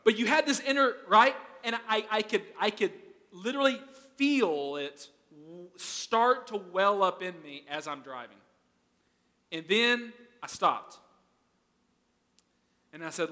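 A man's voice: high voice, expressive, unhurried, long pauses, pushed and bright, big-room sound. A male pastor preaching a sermon in a conversational way, often asking the congregation questions.

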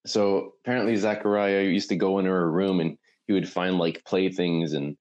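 Low-voiced man; loose, rambling conversational storyteller. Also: fairly even intonation, normal speed, darkish tone, muffled recording. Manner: rambling retelling, full of "like" and "right?". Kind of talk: casual conversation.

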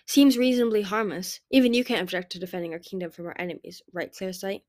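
A woman's voice: mid-range voice, steady tone, fast, a little mellow, no echo, lightly acted. Woman reader doing a brooding young male dragon for a storybook, earnest and pleading, dry close sound.

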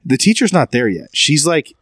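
A man's voice: on the high side, moderate pace, no room sound. Laughing man telling stories, dry sound. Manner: animated storyteller, laughs often. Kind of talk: casual storytelling chat.

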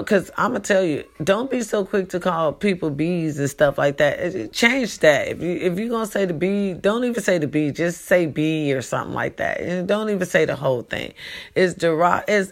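A woman hosts a loose talk show. Her voice is gravelly with some fry at mid pitch. She lectures her listeners in an animated, preachy way and swears freely. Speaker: podcast host. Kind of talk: casual live talk show monologue.

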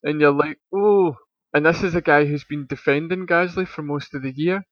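A man's voice: fairly high pitch, fairly even intonation, brisk, no room sound. A man chatting on a podcast in a dry, teasing way. His mid-range voice is close and dry, and the sound is a little dull and lo-fi. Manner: dry, teasing, talks through race analysis. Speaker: podcast co-host. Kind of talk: casual chat.

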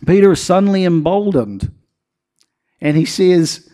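A man's voice: a little high, moderate pace. A man preaching a sermon and telling stories with acted-out quotes. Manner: animated storytelling with acted-out quotes. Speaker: pastor.

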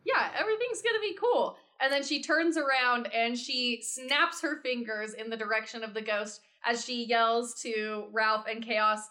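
Bright woman describing her character's spell. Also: on the high side, fairly even intonation, a little slow, few pauses. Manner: chatty, narrates her character's actions. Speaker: player. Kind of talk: casual tabletop play.

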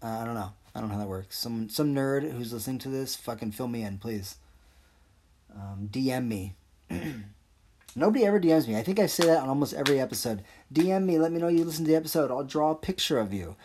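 A man's voice: medium pitch, expressive, fairly quick, darkish tone, breathy edge. A young man hosting a solo podcast, rambling and joking in a crude, casual way. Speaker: podcast host.

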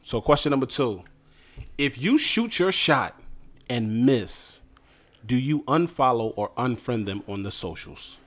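Chill guy cohost on a podcast, middle pitch, reads the questions out. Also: animated, measured pace, a bit bright. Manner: laid-back, reads out the questions. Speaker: podcast co-host. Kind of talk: casual podcast banter.

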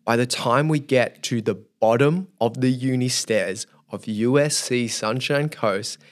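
His mid-range voice runs a little slow as this young youth leader, a podcast guest, shares a story. He animatedly performs his own inner monologue throughout.

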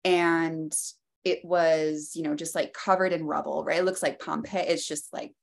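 Woman guest on an interview telling her story, lowish voice with lots of vocal fry, reflective, lots of "you know" and "like". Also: little pitch movement, normal speed. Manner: reflective, loose phrasing with many fillers. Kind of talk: personal storytelling in conversation.

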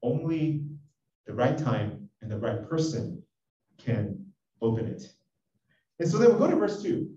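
A man preaching an expository sermon, reading scripture with animated emphasis. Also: mid-range voice, unhurried, long pauses. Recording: echoey, dull audio from a distance.

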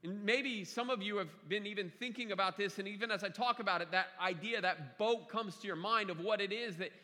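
Male preacher, high bright voice, conversational sermon, repeats key phrases, echoing church hall. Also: fairly quick. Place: church sanctuary.

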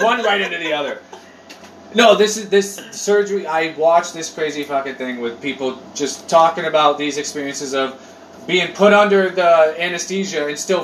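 A man chatting casually on a podcast. He tells rambling stories with lots of swearing and animated outbursts. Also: on the high side, normal speed. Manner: animated, profane, rambling storyteller. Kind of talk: casual chat. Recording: roomy echo, distant mic, faint noise.

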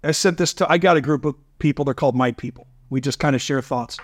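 A startup founder appears as a guest on a casual podcast, telling stories animatedly. His pitch jumps quickly and he laughs often.

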